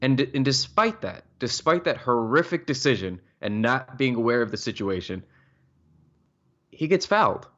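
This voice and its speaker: A man's voice: medium pitch, big pitch swings, normal speed, a bit bright, dull audio. A young man co-hosting a podcast, ranting heatedly in casual sports talk and swearing freely. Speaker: podcast co-host.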